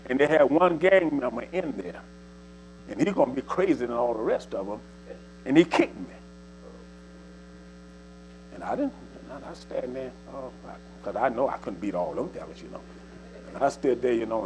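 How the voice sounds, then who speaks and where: A man's voice: medium pitch, slight background noise, low-quality recording. A man, preaching to a church congregation in a folksy, repetitive, exhorting way. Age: 70s. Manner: folksy, repetitive, exhorting with 'see' and 'you know'. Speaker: church speaker.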